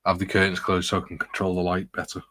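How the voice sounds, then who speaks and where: A man's voice: low voice, completely flat delivery, fast, pushed and bright, no room sound. A man casually rambling through anecdotes and reading chat on a live stream, chuckling often, in a room with the curtains closed.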